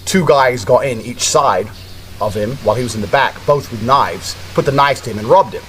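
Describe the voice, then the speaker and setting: A man telling a long story in a brash, profane, animated way. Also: medium pitch, moderate pace, slight background noise. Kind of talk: casual storytelling monologue.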